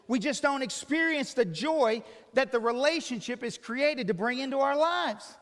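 A man's voice: very high voice, expressive, normal speed, a bit bright, long reverb tail. A man preaching a sermon, earnestly explaining with illustrations and putting direct questions to his listeners.

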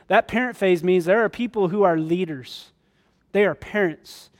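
A man's voice: sits high, normal speed. A pastor preaching a conversational sermon to his church, a man acting out quoted voices in his stories.

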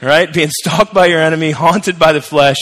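A man's voice: on the high side, fairly even intonation, normal speed, fairly bright tone. Man preaching a sermon, chatty but emphatic, lots of repeating, big echoey church. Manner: conversational, emphatic, repeats key phrases. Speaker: pastor.

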